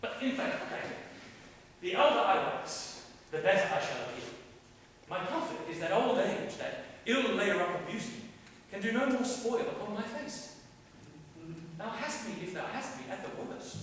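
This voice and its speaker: A man plays a young king in love, bluff and teasing, his bright, fairly high voice leaping up and down as he woos in verse. He is heard from well back across a large theater, the sound washed in long, echoing reverb. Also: expressive, normal speed, far from the mic, slight background noise. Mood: wooing. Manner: teasing, declamatory verse delivery. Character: young English king wooing a French princess, bluff and playful. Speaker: stage actor. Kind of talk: classical stage acting. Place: large indoor theater stage.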